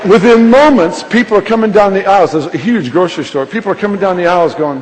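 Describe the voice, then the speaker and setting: A man preaching a sermon, telling a lively, humorous story to a congregation from a stage microphone. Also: sits high, quick pace. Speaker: pastor. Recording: reverberant large hall with faint noise.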